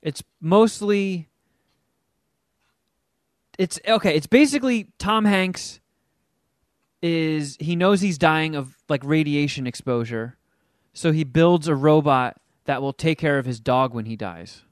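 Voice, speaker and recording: A man's voice: fairly high pitch, slow pace, long pauses, no room sound, studio quality. A man co-hosting a podcast, telling about a movie in rambling, profane casual chat. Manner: rambling, profane, animated storytelling. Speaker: podcast co-host.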